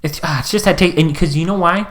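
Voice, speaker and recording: A young man chatting on a podcast, joking around with animated, exaggerated rants. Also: fairly high pitch, quick pace. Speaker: podcast co-host. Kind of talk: casual chat.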